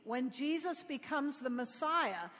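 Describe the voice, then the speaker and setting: A middle-aged woman pastor giving a sermon, telling stories with gentle humor. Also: high-pitched, lively intonation, measured pace. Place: church. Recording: long reverb of a church.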